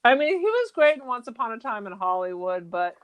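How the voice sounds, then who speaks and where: Expressive woman on a casual podcast. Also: on the high side, a little fast, lo-fi sound, a crowd in the background. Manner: opinionated, blunt, joking. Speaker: podcast co-host. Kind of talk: casual chat.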